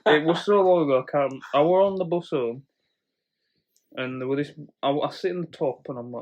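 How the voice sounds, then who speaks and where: A man's voice: a little high, fairly quick. A young man telling a story in casual podcast chat, swearing often and laughing as he goes. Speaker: podcast co-host.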